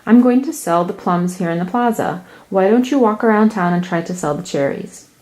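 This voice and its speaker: A woman reading a picture book aloud, voicing a calm, kind farmer father in a gentle, even manner. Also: mid-range voice, brisk, natural voice, low-quality recording.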